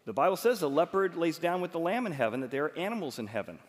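A man preaching a sermon in an animated, joking way, with quick asides. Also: on the high side. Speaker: pastor. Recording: long reverb of a large hall.

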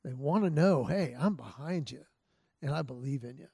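A man giving a heartfelt church talk to a men's group, telling stories in an earnest way and softening his voice for quoted lines. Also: fairly high pitch, animated, normal speed, gravelly, husky, no room sound. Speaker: men's ministry speaker.

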